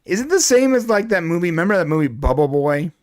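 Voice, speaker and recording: A man's voice: high-pitched, very animated, quick pace. A man co-hosting a casual pop culture podcast, rambling and joking with frequent restarts. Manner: rambling, jokey, many restarts. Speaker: podcast co-host.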